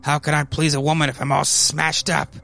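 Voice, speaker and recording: This is a violent brute of a husband, shouting and snarling his threats, voiced by a man reading a comic aloud. The voice is gravelly, and it spikes higher as he yells. A soft bed of music runs faintly underneath. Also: flat delivery, fairly quick, heavily acted. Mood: raging.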